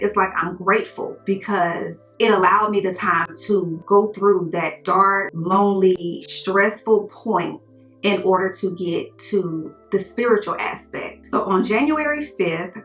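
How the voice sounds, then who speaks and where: A woman telling a personal story in a casual storytime monologue, earnest and animated as she retells what was said. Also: lowish voice, reverberant, rough recording.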